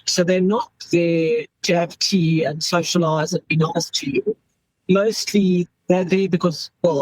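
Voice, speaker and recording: A woman's voice: fairly low pitch, a little mellow, husky, no echo, low-quality recording. Woman in her 50s, er doctor talking straight, slips into voices for quotes, dry close sound. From South Africa. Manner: frank, acts out quoted voices. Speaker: emergency doctor. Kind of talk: candid interview talk.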